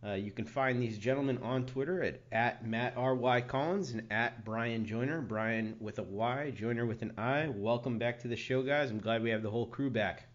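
A man's voice: medium pitch, normal speed, hardly any pauses. A man hosting a casual sports podcast, rambling with many fillers. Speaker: podcast host. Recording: dull lo-fi podcast audio.

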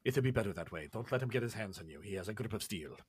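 Man putting on a quiet, sinister henchman; low, menacing murmur. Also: expressive, rapid-fire, breathy edge, dry recording, clean studio sound. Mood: ominous. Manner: low, hushed, ominous.

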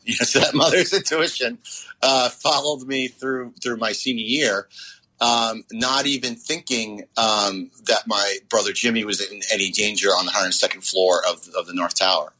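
A man in his forties recalling a hard day in an interview, often pausing and restarting with fillers. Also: lowish voice, steady tone, pushed and bright, rough recording. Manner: halting, many fillers and restarts. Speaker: interview guest. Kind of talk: personal recollection interview.

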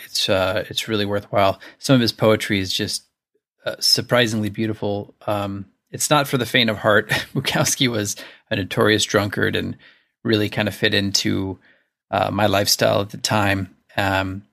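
A man hosts a solo podcast in a low-pitched voice. He talks in an earnest, reflective way, loose and conversational, with the odd filler. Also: fairly bright tone. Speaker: podcast host.

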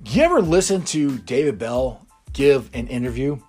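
A man's voice: mid-range voice, animated, normal speed, mellow, breathy edge, faint music behind. A man hosting a sports talk show, rambling casually and chuckling as he chats. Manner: rambling and chatty, laughs often.

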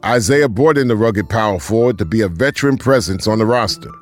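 A man giving scripted documentary narration in a measured, even delivery. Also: on the low side, soft background music. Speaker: podcast narrator.

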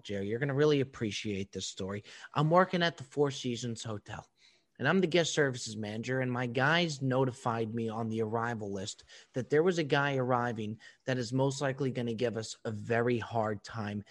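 Animated, profane man telling a story. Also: mid-range voice. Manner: animated, profane storyteller who keeps addressing his co-host. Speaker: podcast co-host. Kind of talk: casual storytelling chat.

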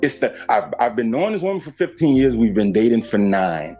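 A man's voice: medium pitch, very animated, fairly quick, warm tone, soft background music. A man hosting a casual podcast, cursing freely and lecturing his listeners directly. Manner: profane, preachy, addresses listeners directly. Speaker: podcast host.

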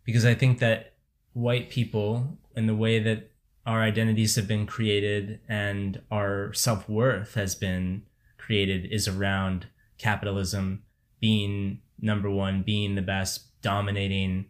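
A man co-hosting a podcast, speaking in a thoughtful, measured way. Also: fairly low pitch, monotone. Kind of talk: casual chat.

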